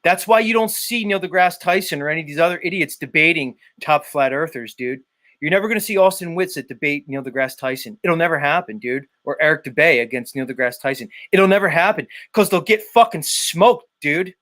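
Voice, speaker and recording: A man's voice: a little high, fairly quick, fairly bright tone. A man hosting a live stream, ranting and taunting a rival with profanity. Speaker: livestream host. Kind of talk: ranting commentary.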